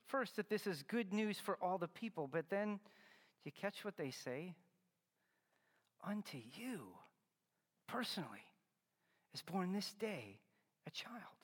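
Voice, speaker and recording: Preaching in a large hall, this pastor has a high, somewhat bright voice. His Christmas message is sincere and teaching, driving hard on its key words.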